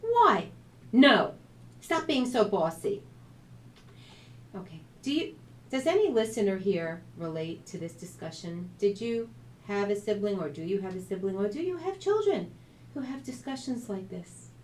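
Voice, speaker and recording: A woman's voice: mid-range voice, lively intonation, moderate pace, warm tone, slight background noise, low-quality recording. A woman, the author and radio host, reading a family story aloud and adding her own commentary.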